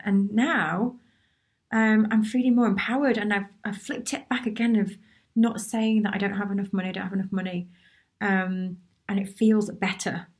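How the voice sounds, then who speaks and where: A woman hosting a casual live Q&A, chatty and encouraging, reading out viewers' comments and replying to them. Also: medium pitch. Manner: chatty and encouraging, with many restarts and asides. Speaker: workshop host answering viewer questions.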